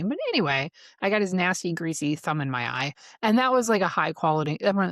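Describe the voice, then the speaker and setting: A woman's voice: fairly low pitch, lively intonation, fairly quick, no echo, studio quality. A woman in her thirties hosting a podcast, telling her own story in candid casual chat, laughing often and swearing freely. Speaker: podcast host.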